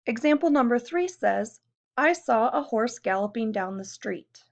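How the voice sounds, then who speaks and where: A woman's voice: fairly high pitch, lively intonation, unhurried, gravelly. A woman teacher giving a recorded classroom lesson, explaining patiently step by step and posing questions to her students. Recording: dull lo-fi recording.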